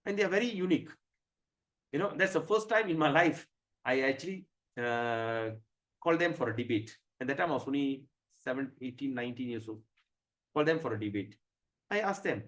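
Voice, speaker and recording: A man giving a religious class lecture. He asks rhetorical questions and pauses to search for words. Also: medium pitch, animated, a bit bright. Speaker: spiritual teacher.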